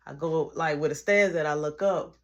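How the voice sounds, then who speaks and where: A man telling a comedic story from his childhood, animated and acting out each person. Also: a little high, normal speed, lo-fi sound. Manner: animated, acts out every voice.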